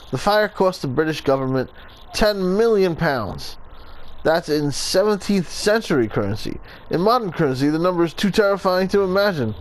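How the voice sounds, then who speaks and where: A man playing a video game, reading its entries aloud and adding dry jokes and quick self-corrections. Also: fairly high pitch, rough recording. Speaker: gameplay video host. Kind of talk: reading game text aloud with jokey asides.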